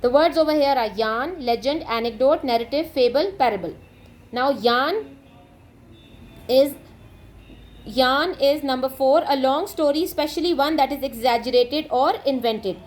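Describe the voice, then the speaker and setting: High-voiced woman teaching an English lesson. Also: normal speed, slight background noise. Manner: reads items then explains, steady and methodical. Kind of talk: textbook lesson explanation.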